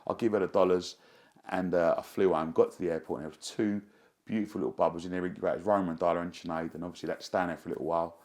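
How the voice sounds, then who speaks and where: A man spins a breathless personal story for an interviewer. His voice sits a little low, and he rambles along with slang and quick restarts, caught up in the telling. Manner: excitable, rambling, fond of slang. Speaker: interview guest. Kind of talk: animated anecdote telling.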